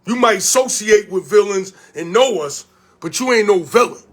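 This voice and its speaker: A man from Connecticut with a notably high voice delivers a confrontational vlog rant. He swears freely and fires off repeated questions. He sounds like a community organizer calling people out. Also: animated, moderate pace. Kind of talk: heated direct-to-camera rant.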